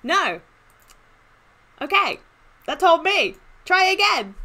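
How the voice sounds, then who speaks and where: Excitable high-voiced woman. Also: unhurried. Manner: excitable, gushing, squeals with delight. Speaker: gaming YouTuber. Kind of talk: casual commentary opening game chests.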